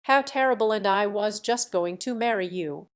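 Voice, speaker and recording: A woman's voice: mid-range voice, moderate pace, natural voice. A woman reading a storybook and voicing a pompous, snobbish young duke who shrieks in outrage. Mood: outraged. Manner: haughty, shrieking.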